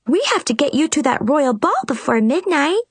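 A woman's voice: sing-song, normal speed, no room sound. A woman doing a chirpy, bossy fairy godmother. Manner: high, bright and chirpy. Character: bubbly young female fairy godmother, bossy and flustered.

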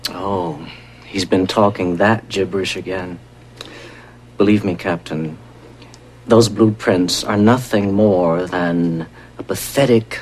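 Company lawyer, polished, dismissive, slow, animated pitch, noisy. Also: male voice. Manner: polished, condescending. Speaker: corporate attorney. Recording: noisy TV soundtrack with studio audience laughter.

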